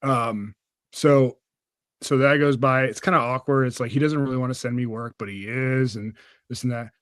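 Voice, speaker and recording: A young man chatting on a podcast, with a middle-pitched voice and a rambling, profane delivery. His talk is loose and full of fillers, and the sound is dry and close with no room around it. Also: fairly even intonation, normal speed, fairly bright tone, no room sound. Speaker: podcast host. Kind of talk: casual chat.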